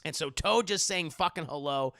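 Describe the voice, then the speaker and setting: Animated streamer guy, gravelly and bright. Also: on the high side, moderate pace, dry recording, studio quality. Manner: profane, animated, quoting game lines in loud voices. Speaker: streamer answering viewer questions. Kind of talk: casual livestream chat.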